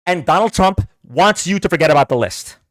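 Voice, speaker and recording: Combative livestream host, lively pitch. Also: male voice, a little fast, no echo. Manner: combative, sarcastic, taunting viewers. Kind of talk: heated livestream political rant.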